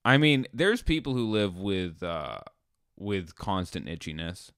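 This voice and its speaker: Middle-aged male podcast comic, lowish smooth voice, dry close sound, animated storytelling. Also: a little slow, dry recording. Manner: animated, acts out scenes in quoted dialogue. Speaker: podcast host. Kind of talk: comedic monologue.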